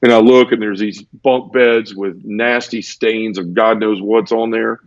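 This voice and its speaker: A man's voice: on the low side, steady tone, unhurried, no echo. A man, a podcast guest, telling his personal testimony in an emotional, repetitive way and acting out sound effects. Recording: dull, lo-fi podcast audio.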